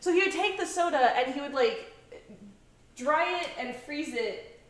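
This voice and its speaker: A woman's voice: high-pitched, expressive, measured pace. A young woman hosting a home cooking show, chatting and giggling casually as she cooks. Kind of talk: casual chat while cooking. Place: home kitchen. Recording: echoey kitchen, mic far off.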